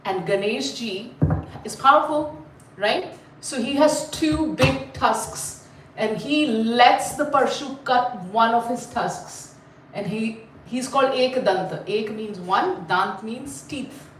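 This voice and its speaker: A woman telling a story to a group of children, animated and full of questions to her listeners, heard in an echoey room away from the mic. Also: fairly high pitch, slow pace, distant mic, a little hiss or hum. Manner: animated, asks the audience questions. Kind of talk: live storytelling class.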